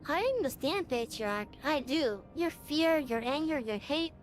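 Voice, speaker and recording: A woman voicing an earnest young envoy in a video game cutscene, calm and persuasive. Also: high-pitched, a little slow, a little hiss or hum. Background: faint music score.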